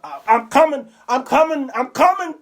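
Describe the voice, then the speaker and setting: A man's voice: very high-pitched, expressive, normal speed, voice pushed up. A man doing an impression of an old sitcom junk dealer crying out to his dead wife while faking a heart attack. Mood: melodramatic. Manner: theatrical, clutching-chest wail.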